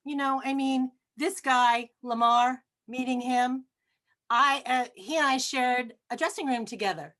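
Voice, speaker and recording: Woman, high voice, rambling on about old times on a video call. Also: measured pace, fairly bright tone, low-quality recording. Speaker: reunion participant sharing photos. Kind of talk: casual reunion chat.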